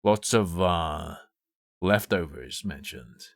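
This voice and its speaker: A man's voice: low-pitched, lively intonation, takes it slowly, gravelly, no room sound, studio quality. A man streaming live, chatting casually and thinking aloud in a rambling, profane way. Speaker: livestreamer.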